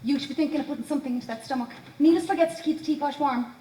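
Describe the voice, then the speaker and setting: An actress playing a brisk Irish countrywoman who fusses and gives orders, on stage. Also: sits high, dark tone, lightly acted. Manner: brisk, fussing, commanding. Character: brisk young countrywoman nursing her ailing father. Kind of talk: amateur stage play. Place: stage in a hall. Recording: echoey hall from far off, faint noise.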